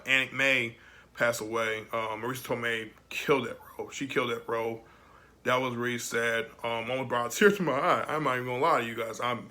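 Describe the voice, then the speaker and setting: A man's voice: medium pitch, bright, forceful tone. A young man giving a casual, rambling film review, emotional and laughing often.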